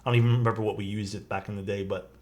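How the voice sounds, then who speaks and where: Talking very fast in a fairly low, level, darkish voice, the young man rambles through a story on his live stream as he builds a keyboard. He peppers it with "like" and swearing, with faint background music.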